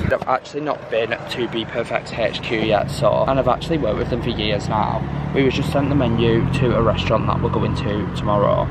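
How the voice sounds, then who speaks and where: A man's voice: medium pitch, heavy background noise. A young man, chatting upbeat to camera in a casual travel vlog on a handheld phone. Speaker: makeup content creator.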